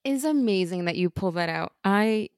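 An American woman co-hosting a podcast in casual chat, enthusiastic and quick to laugh. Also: medium pitch, lively intonation, clean tone, dry recording, studio quality. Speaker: podcast co-host.

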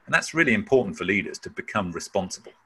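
Bright, husky-voiced man explaining. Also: fairly low pitch, sing-song, fast talker. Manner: emphatic, acts out breath-holding sounds. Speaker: webinar speaker. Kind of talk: coaching explanation in a webinar.

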